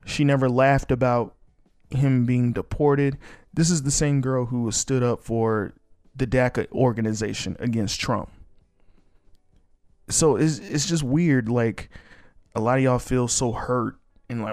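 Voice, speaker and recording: A man's voice: mid-range voice, unhurried, a little mellow, dry recording, studio quality. A man hosting a podcast on his own, ranting bluntly and casually with plenty of swearing. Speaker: podcast host. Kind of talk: casual solo commentary.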